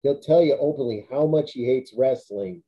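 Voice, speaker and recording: Man, podcast host, opinionated, blunt, casual chat, mid pitch, dull lo-fi audio. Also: moderate pace, dark tone. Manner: opinionated, blunt, short interjections.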